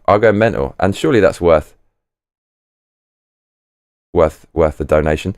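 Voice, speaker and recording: A man's voice: sits low, normal speed, long pauses, a little mellow, no echo, clean studio sound. A man hosting a live chat stream, rambling and swearing freely with lots of restarts. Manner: rambling and profane, with many restarts. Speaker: livestream host.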